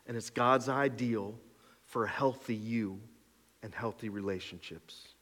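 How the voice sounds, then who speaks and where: A man's voice: on the low side, unhurried, fairly bright tone. A male pastor preaching a sermon in a conversational, emphatic way, counting off numbered points, in a church sanctuary. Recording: long hall reverb.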